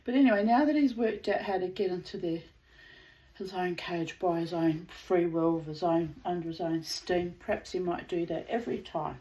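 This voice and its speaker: A woman's voice: fairly low pitch, moderate pace, dark tone, low-quality recording. A woman reading old myths aloud as a storyteller, with casual spoken asides.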